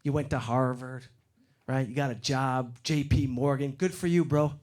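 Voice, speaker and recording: A middle-aged man from Detroit doing a stand-up comedy set on stage, getting loud and animated when he acts out other people. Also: medium pitch, normal speed. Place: comedy stage before a live audience. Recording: live show with loud crowd laughter. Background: crowd laughing.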